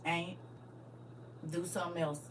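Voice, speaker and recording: A woman's voice: on the low side, unhurried, background noise. A middle-aged woman chatting bluntly and animatedly to her live viewers as host. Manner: blunt, animated, talks to her audience as y'all and baby. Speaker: livestream host. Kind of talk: casual chat to viewers.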